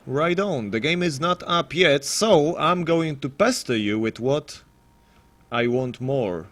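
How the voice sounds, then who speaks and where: A man's voice: on the high side, animated, takes it slowly, pauses often, a bit bright. Rambling self-deprecating male game caster. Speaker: esports caster and streamer. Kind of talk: casual live stream commentary.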